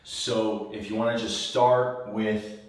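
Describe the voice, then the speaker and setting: A wellness coach gives a casual, conversational how-to talk from his bathtub, rambling a little and repeating words. His voice is on the low side and slow, and he's off the distant mic in a very echoey bathroom.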